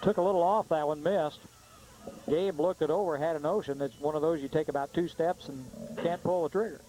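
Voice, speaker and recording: Brief: male commentator, slightly high, relaxed pitch-by-pitch calls, faint hiss. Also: brisk, low-quality recording. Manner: easygoing, matter-of-fact calls. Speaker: color commentator. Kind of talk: baseball commentary.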